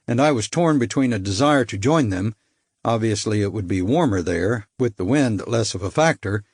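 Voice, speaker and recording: At a middle pitch, a man narrates a first-person thriller audiobook in a measured, dry style. The sound is close and dead, with no room sound at all around the voice.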